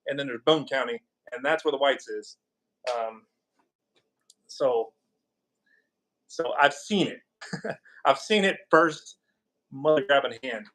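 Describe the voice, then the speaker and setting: His voice runs on the high side with a fairly bright tone. The California podcast host banters loosely with his live stream audience, cracking jokes, wandering off topic, and responding to what people type in chat.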